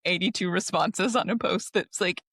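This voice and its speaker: A woman's voice: on the low side, normal speed, a bit bright, husky, dry recording. Frank woman podcast co-host. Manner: frank, conversational, lots of "like" and "I mean". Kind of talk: casual chat.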